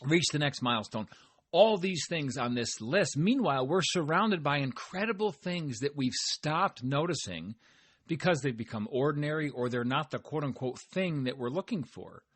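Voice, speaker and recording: A man's voice: fairly high pitch, lively intonation, moderate pace, slightly rough. A man hosting his own podcast, talking in a casual, upbeat way and often speaking straight to his listeners. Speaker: podcast host; farmer. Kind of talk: casual motivational monologue.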